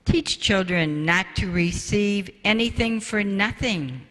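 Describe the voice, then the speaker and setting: An older woman gives a spiritual parenting talk to an audience, telling stories and animatedly acting out quoted voices. Her voice is mid-range and a bit bright, her pace slow, and the hall is reverberant.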